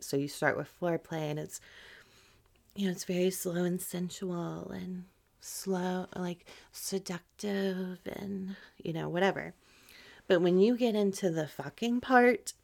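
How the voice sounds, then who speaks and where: A woman hosting a podcast, chatting in a candid, loose way with plenty of fillers. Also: low-pitched. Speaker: podcast host. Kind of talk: casual chat.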